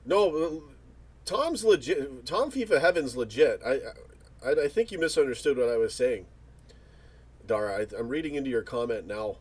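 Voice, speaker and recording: A man's voice: medium pitch, slightly rough. A man hosting a casual livestream, reading viewer comments and chatting in rambling, joking banter with frequent restarts. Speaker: livestream host.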